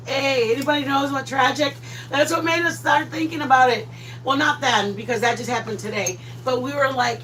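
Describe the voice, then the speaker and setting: A woman's voice: sits high, fairly quick, fairly bright tone, slight background noise, poor audio. A woman hosting a casual cooking livestream, rambling and greeting viewers by name. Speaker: cooking channel host.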